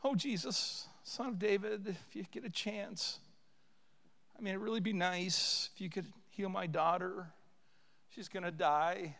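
A man's voice: sits high, fairly even intonation, a little slow, gravelly, few pauses, a bit bright, pitched above the performer's own voice, heavily acted. Man voicing a desperate pleading mother. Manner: pleading, breaking voice. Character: desperate mother begging for her dying child.

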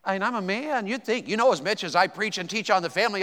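Speaking fast with few pauses, a pastor in his 50s gives a sermon in a church sanctuary. His voice sits high and has a sharp tone as he makes emphatic calls to the congregation, stammering and repeating himself. The recording carries the echo of a church hall.

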